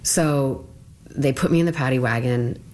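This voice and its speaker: A woman in her thirties recounting a personal ordeal in an interview, halting and full of "like". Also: rumbling low, darkish tone. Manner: halting, lots of "like", quoting others in small voices.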